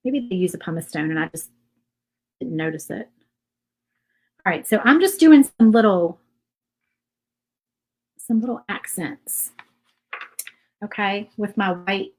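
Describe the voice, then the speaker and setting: On a rough recording, a woman with a medium-pitched voice hosts a craft channel and gives a casual painting tutorial. She's chatty and rambling, thinking aloud with fillers and asides.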